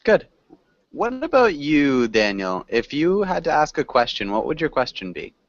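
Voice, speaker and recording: Guy teaching english over a call, lively up-and-down voice, dry muffled lo-fi sound. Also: a little high, moderate pace, no room sound. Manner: patient, coaching pronunciation. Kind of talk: online English class.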